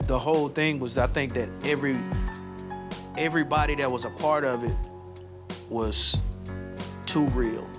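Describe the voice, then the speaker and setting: A man in a documentary interview, speaking in a measured, reflective way. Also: medium pitch, steady tone, music in the background.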